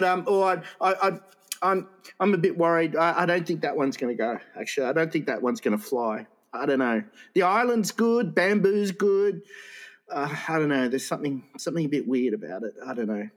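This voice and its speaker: Aussie guy, swears a lot, rambly and incredulous, slightly high voice. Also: sing-song, moderate pace. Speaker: co-host. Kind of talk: comedic podcast banter.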